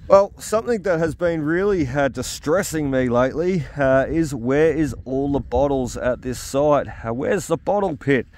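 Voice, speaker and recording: Giving casual outdoor commentary at an old house site, a middle-aged Australian metal detecting vlogger sounds upbeat and chatty, with frequent "uh" fillers. His voice is a little high with a darkish tone, and he talks at a moderate pace with few pauses. Slight background noise is present.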